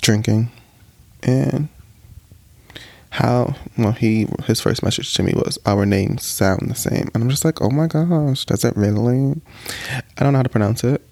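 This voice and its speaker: A young man vlogging in casual chat, sassy and expressive, swearing freely and popping into playful high voices. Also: moderate pace, vocal fry, no echo.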